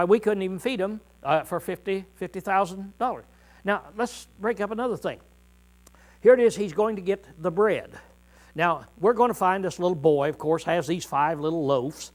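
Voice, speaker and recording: Middle-aged guy preaching, kinda high voice, folksy, keeps clearing his throat. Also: low-quality recording. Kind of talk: informal Bible teaching to a congregation.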